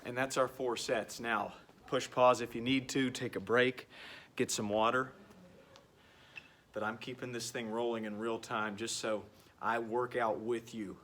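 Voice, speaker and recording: A man's voice: medium pitch, little pitch movement, unhurried, a bit bright, slight background noise. A man who is a PE coach, counting reps and encouraging his class while doing the workout himself. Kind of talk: workout instruction video. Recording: echoey room picked up from a distance.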